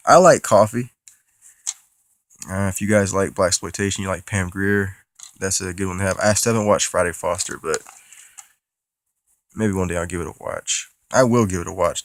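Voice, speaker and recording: A man with a stuffy nose, casually rambling and swearing as he shows off his new movie haul in a vlog. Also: deep voice. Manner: casual and profane, rambling with restarts. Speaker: movie collector vlogger.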